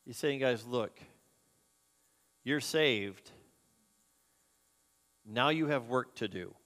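A man's voice: mid-range voice, extremely slow, fairly bright tone. Preaching man in an echoing hall. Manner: earnest, conversational preaching with rhetorical questions. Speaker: pastor. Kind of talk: sermon. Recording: long hall reverb.

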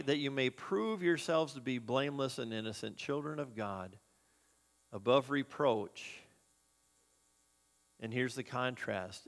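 A man's voice: medium pitch, a bit bright. A man preaching a sermon as a pastor, earnest and conversational, asking the congregation questions. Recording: long hall reverb.

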